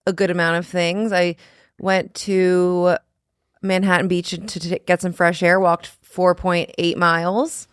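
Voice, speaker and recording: Hesitant young woman, smooth voice. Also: on the low side, flat delivery, measured pace, no echo, studio quality. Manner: hesitant, filler-heavy. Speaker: podcast guest. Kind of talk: casual chat.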